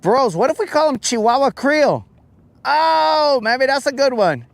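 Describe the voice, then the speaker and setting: A man's voice: very high-pitched, lively intonation, measured pace, vocal fry, no echo. A man hosting a fishing show, joking around casually on a boat and calling people bro and dog. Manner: slangy, joking, keeps saying bro and dog.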